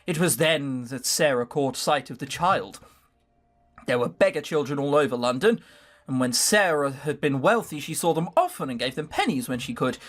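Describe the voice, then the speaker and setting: A man's voice: a little high, sing-song, moderate pace, fairly bright tone. A man with a slightly raised voice reads a visual novel aloud as a let's play host. He breaks in with sardonic, swearing asides. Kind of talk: reading aloud with commentary.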